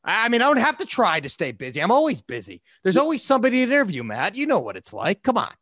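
A man's voice: high voice, huge pitch swings, quick pace, a bit bright, no room sound, clean studio sound. A man, an MMA interviewer who refers to himself in the third person and talks like an upbeat promoter. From Chicago area. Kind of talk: casual chat.

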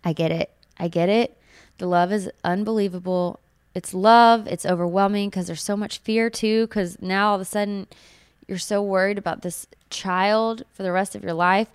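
Woman in her thirties, new mom sharing her birth story, earnest and gushing, smooth clear voice, dry close sound. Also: mid-range voice, dry recording. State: tearful at times. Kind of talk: personal storytelling.

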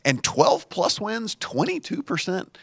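A man's voice: sits high, wildly swooping pitch, measured pace, creaky, fairly bright tone, no echo. Dry-voiced man breaking down football stats. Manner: teasing in banter, methodical with stats. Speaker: sports betting show host. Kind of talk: casual sports analysis talk.

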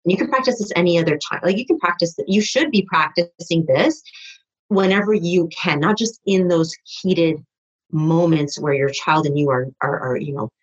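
On a lo-fi recording, a female podcast guest with a lowish, husky voice chats at a moderate pace. It's a conversational interview, and she rambles, restarts her sentences frequently, and leans on fillers.

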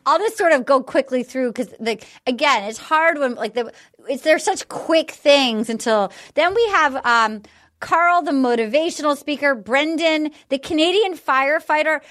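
A woman's voice: high-pitched, normal speed, a bit bright. A woman hosting a casual podcast chat, giggly and full of fillers as she recaps episodes. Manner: chatty, giggly, lots of fillers. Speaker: podcast host.

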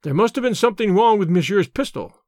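Tarzan, a man reading calm and formal. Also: high-pitched, no room sound, studio quality. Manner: measured, formal and composed. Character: calm, chivalrous jungle-raised gentleman, adult male.

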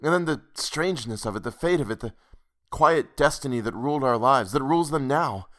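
A man's voice: medium pitch, expressive, brisk, fairly bright tone, voice pushed up, natural voice. Casting: man playing a haggard, haunted lover in a storybook ghost tale, eager and pleading, slightly raised voice. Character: haunted weary man, earnest and longing.

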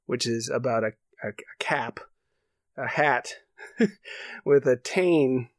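A man's voice: mid-range voice, slow, no echo, clean studio sound. A man co-hosting a podcast, telling an improvised comedy story in a rambling, laughing way. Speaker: podcast co-host.

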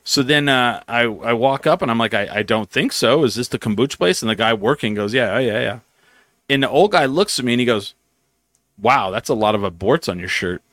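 A man in a dry, close-miked room spins a rambling story, swearing freely and slipping into the voices of the people he quotes. His pitch sits in the middle for a man, and his delivery is loose and conversational. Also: brisk, no echo. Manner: profane, animated storyteller acting out quotes. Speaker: podcast host. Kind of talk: casual storytelling chat.

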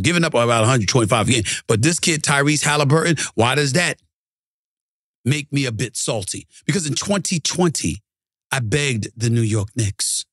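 A middle-aged man hosting a sports commentary show, ranting heatedly and swinging from low grumbling to high shouting. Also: no echo, clean studio sound. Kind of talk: animated sports rant.

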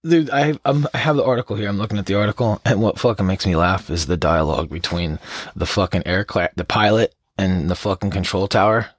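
A man's voice: on the low side, fairly quick, no room sound, studio quality. A man hosting a casual solo podcast, riffing on odd news stories with constant swearing and bursts of laughter. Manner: profane, animated, laughing storyteller. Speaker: podcast host.

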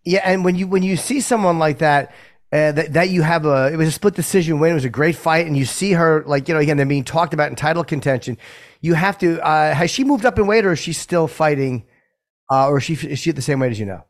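A man's voice: a little high, fast. A man co-hosting an interview show, asking curious, rambling questions. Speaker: co-host. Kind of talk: casual interview chat.

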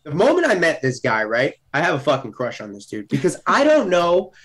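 Man, podcast guest, slightly high voice, blunt, swears a lot, animated storyteller. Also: brisk. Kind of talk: casual chat.

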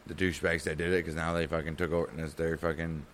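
A man's voice: rumbling low, flat delivery, fast, a bit bright, a little hiss or hum. A man co-hosting a history podcast, rambling and swearing as he acts out imagined scenes. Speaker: podcast co-host. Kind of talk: casual history podcast banter.

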